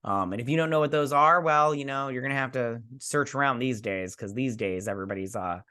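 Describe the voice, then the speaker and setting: Male host, mid-pitched voice, loose fan-review recap, rambles and acts out the dialogue. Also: fairly quick, clean tone. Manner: animated retelling, acting out characters' lines; rambling, many fillers and restarts. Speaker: show reviewer. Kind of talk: casual episode recap and review.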